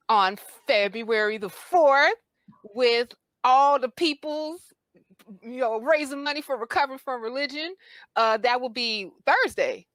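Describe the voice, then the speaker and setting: A woman's voice: on the high side, a bit bright, no echo. A woman co-hosting a call-in show, blunt and sarcastic. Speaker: co-host. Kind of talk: casual call-in show chat.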